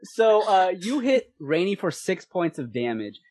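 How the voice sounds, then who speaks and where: Brief: man, game master for a tabletop game, lively narration, stumbles and repeats, dry voice-chat sound. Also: high voice, measured pace, dry recording. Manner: animated, repeats words, laughs easily.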